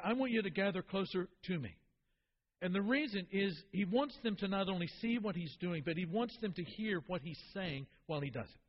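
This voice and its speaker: A man's voice: sits high, breathy edge, in a large hall, highs cut off. A man preaching a sermon to his congregation, asking them questions and repeating key phrases for emphasis. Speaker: pastor.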